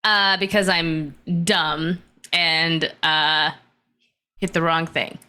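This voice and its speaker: A woman playing a tabletop game, self-deprecating and quick to laugh. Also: low-pitched, fairly even intonation, bright, forceful tone, smooth. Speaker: player.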